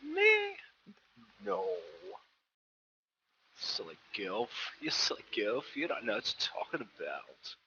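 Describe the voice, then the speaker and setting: A playful man riffing and teasing between laughs during an online tabletop game. His voice is bright and swings widely in pitch, with a faint hiss underneath. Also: sing-song, moderate pace, few pauses, muffled recording. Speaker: player. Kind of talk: joking tabletop game chat.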